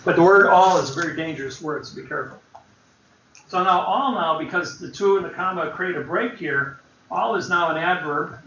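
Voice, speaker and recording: Bright-voiced man lecturing in an echoey room. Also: a little high, a little fast, slight background noise. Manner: emphatic, explains word by word. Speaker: seminar lecturer. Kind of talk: classroom lecture. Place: seminar room. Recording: roomy, distant, dull lo-fi seminar recording.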